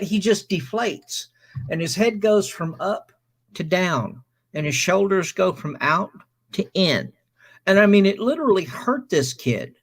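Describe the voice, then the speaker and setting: A man hosting a stream, casually telling a long anecdote and acting out the people in it. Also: sits high. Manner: animated anecdote teller, acts out quoted voices. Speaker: stream host. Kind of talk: casual storytelling.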